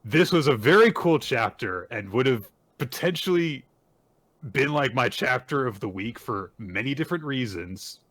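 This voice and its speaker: A man's voice: medium pitch, lively intonation, moderate pace, a bit bright. A man hosting a casual podcast, recapping manga chapters at length and acting out the characters' lines. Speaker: podcast host.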